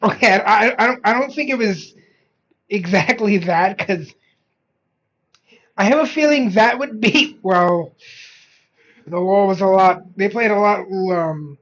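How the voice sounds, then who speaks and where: Amused streamer reacting casually, slow unhurried talk, thinks aloud, muffled mic. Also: mid-range voice, lively intonation, fairly bright tone. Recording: slightly muffled stream audio.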